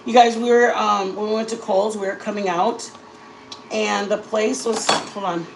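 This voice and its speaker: A woman's voice: medium pitch, fairly even intonation, moderate pace, background noise. A woman in her forties, a vlogger, chatting casually with her viewers while baking at home and telling long stories. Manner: chatty storyteller addressing viewers directly.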